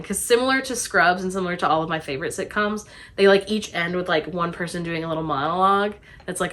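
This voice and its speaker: A woman's voice: mid-range voice, pushed and bright. A young woman co-hosting a casual Q&A chat, reading out viewer questions in a chatty, sentimental way. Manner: chatty, sentimental, laughs easily.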